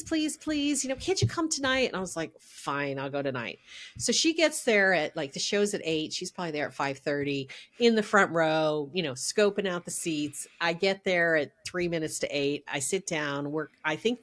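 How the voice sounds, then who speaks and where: Middle-aged woman, podcast guest, chatty and animated, lower voice. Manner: animated, laughing storyteller. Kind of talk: casual storytelling.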